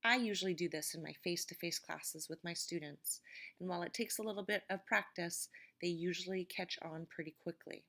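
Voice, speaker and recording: A woman teaching an English vocabulary lesson, speaking words slowly and clearly to explain word stress. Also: on the low side, fairly bright tone.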